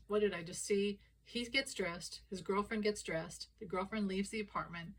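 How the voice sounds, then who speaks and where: A woman delivers casual political commentary straight to her audience. She tells her stories with lively energy and slips into short acted voices for the people she quotes. Her speaking pitch sits in an ordinary middle range. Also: normal speed, few pauses, poor audio. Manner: animated storyteller, acts out quoted dialogue.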